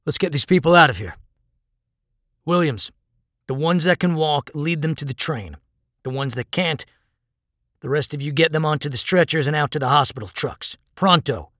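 A gruff, decisive army captain barks loud, clipped orders, voiced by a man reading a story aloud. The recording is dry and close. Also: mid-range voice, measured pace, pauses often, no room sound. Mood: commanding.

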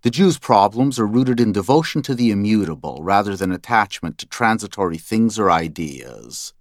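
A man's voice: lowish voice, animated, moderate pace, no room sound, studio quality. A man narrating a first-person story in a scripted, wry and dryly humorous way.

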